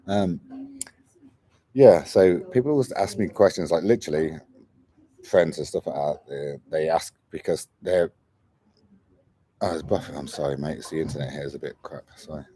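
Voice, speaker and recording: A man's voice: rumbling low, moderate pace, long pauses, dark tone, slightly rough. A man in his forties, a travel vlogger chatting casually on a livestream, rambling and calling his viewers mate. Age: 40s. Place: traveling in Argentina.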